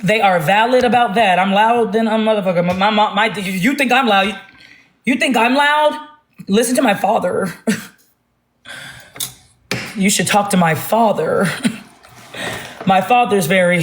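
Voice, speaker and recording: A woman talking loudly and bluntly in a casual livestream rant on her phone. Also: medium pitch, a little slow, long pauses. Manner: loud, blunt and emphatic.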